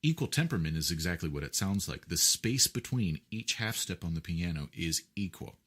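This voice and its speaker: A man with a very low, deep voice, talking through ideas in a patient, lecturing way. He leans on fillers and keeps checking in with his listener. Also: sing-song, a little fast, a bit bright, slightly rough. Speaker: guest musician. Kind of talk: explanatory interview talk.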